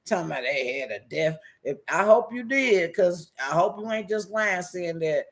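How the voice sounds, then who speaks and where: A man's voice: high voice, moderate pace. A man ranting casually about online streamers, telling stories full of profanity and laughter, and acting out what other people said. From Washington DC. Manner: animated, profane storytelling with lots of laughter; acts out other people's quotes in shifting voices. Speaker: YouTube commentator.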